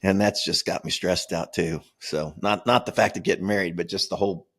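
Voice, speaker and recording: An older man hosting a casual podcast, telling animated stories and laughing often. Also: low voice, a little fast. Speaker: podcast host.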